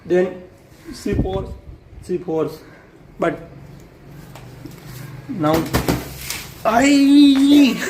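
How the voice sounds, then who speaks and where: A man with an Indian English accent chats through a casual home vlog in playful, excitable broken English. His voice sits high and his delivery is unhurried. A faint hiss runs under the recording. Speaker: vlogger. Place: home room.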